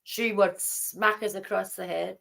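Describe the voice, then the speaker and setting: A woman hosts a casual live chat. She teases and banters easily with her guests, and her voice sits at an ordinary middle pitch. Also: steady tone, a little slow, creaky, a bit bright. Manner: teasing, bantering. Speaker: host of a live chat stream.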